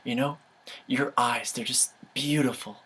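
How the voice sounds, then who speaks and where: A man voicing soft flattering talking cashews. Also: mid-range voice, unhurried, breathy edge, rough recording.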